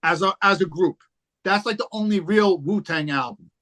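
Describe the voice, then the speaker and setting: High-voiced man telling stories. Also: moderate pace, bright, forceful tone. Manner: rambling, profane storytelling with many fillers. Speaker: podcast guest, rapper. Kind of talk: casual chat.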